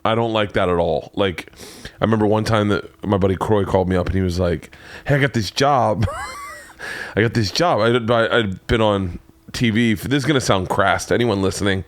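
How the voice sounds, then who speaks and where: A man hosts a podcast and tells a rambling story in his own casual way. His voice sits on the low side and he plays out both halves of every exchange he recalls. The sound is dry and close to the mic. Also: brisk, dry recording. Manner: rambling, acts out both sides of quoted conversations. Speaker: podcast host.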